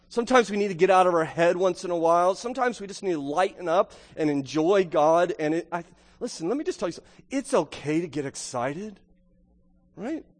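A man's voice: sits high, fairly bright tone. A middle-aged man preaching a sermon in a church, talking conversationally, often repeating words and asking "right?". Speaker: pastor. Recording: long hall reverb.

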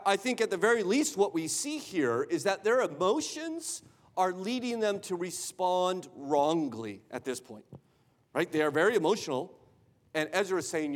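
High-voiced man preaching in a hall. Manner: conversational, asks rhetorical questions, repeats words. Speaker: pastor. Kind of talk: sermon. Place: church sanctuary. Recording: long hall reverb.

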